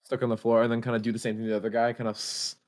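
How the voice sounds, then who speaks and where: A man's voice: medium pitch, racing. A man playing a tabletop role-playing game, describing his hero's moves casually and laughing often. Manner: laid-back, laughing, animated. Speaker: player.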